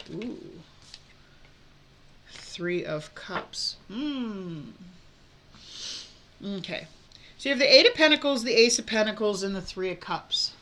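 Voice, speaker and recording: Hiccuping as she goes, a woman with a medium-pitched voice does an informal tarot reading, speaking plainly with plenty of fillers and false starts. There is background noise in the recording.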